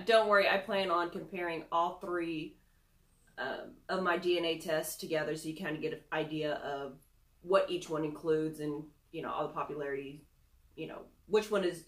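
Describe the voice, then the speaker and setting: A woman's voice: low voice, moderate pace, roomy sound. A young woman chatting casually through a product review, self-deprecating with giggly asides. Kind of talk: casual screen-recorded review.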